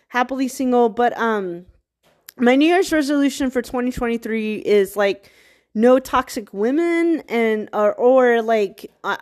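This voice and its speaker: Chatty woman from small-town Virginia. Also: on the high side. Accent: Southern American, rural Virginia. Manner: rambling, chatty, many fillers and restarts; laughs often mid-sentence. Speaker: vlogger. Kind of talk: casual monologue.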